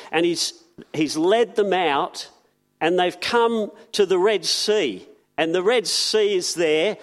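Earnest male preacher, higher voice. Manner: earnest, repeats words, slows on key phrases. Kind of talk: sermon.

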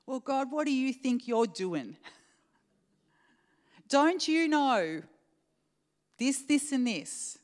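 A woman's voice: sits high, big pitch swings, extremely slow, pauses often, voice pushed up, heavily acted. A woman preacher voicing an indignant churchgoer who fires exasperated questions at God, in a hall with long reverb. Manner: pleading, exasperated rhetorical questions.

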